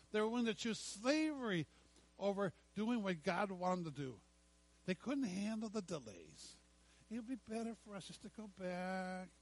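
A middle-aged man preaching from the pulpit in a voice pitched a bit high for a man. He leans hard on the scripture, stretching key words out slowly. Then he drops to soft, low asides. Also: poor audio. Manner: emphatic preaching, slows to stress scripture, drops to hushed asides. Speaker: pastor. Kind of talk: sermon.

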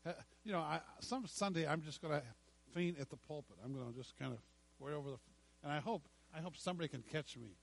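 A middle-aged man preaching from the pulpit in a voice pitched a bit high for a man. He leans hard on the scripture, stretching key words out slowly. Then he drops to soft, low asides. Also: gravelly, poor audio. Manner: emphatic preaching, slows to stress scripture, drops to hushed asides. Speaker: pastor. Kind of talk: sermon.

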